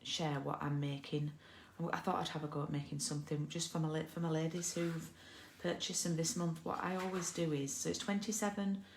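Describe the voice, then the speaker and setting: On a live card-making stream, a woman from the UK chats in British English, rambling casually with many ums and asides. Her low voice is a little mellow, and her laptop or phone camera mic picks up a little hiss or hum.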